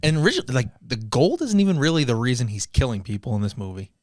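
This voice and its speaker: A deadpan man co-hosts a podcast, breaking down details with dry jokes. His voice is lively in pitch and recorded close and dry. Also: fast, dry recording. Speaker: podcast co-host. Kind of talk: casual chat.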